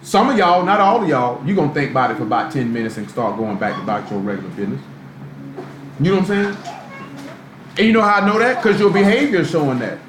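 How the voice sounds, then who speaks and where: A man's voice: fairly high pitch, big pitch swings, quick pace. A man preaching a live sermon in a loose, street-style way, full of rhetorical questions. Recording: echoey room, faint background noise, live stream.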